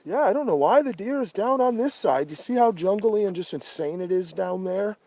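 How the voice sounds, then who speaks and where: A man hosting a livestream outdoors at night, talking casually and swearing a lot, often dropping to a hushed whisper. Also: high voice, lively intonation, brisk, dry recording. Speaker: livestream host. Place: outdoors at night in brush by a creek.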